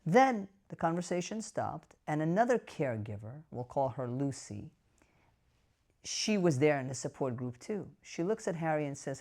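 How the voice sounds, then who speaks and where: A man's voice: fairly high pitch, sing-song, moderate pace, a little mellow. A man, a physician, telling an emotional story straight to camera in an earnest way, often asking the viewers questions. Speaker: dementia care physician.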